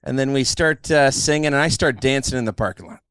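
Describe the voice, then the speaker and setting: A middle-aged man hosting a podcast tells stories in casual conversation, animatedly acting out what other people said. His voice is mid-range and he speaks fairly quickly.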